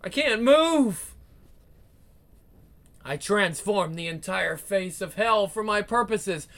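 A woman voicing a cruel, seductive vampire queen in a comic book read-aloud, with slow, taunting, theatrical delivery and growls. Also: medium pitch, lively intonation. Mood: gloating.

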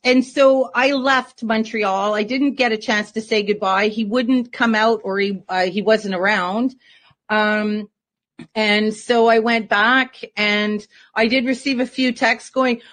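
A woman's voice: on the high side, fairly even intonation, slow pace, fairly bright tone. Rambling woman telling a story. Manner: rambling, many fillers. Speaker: interview guest. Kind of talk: casual storytelling.

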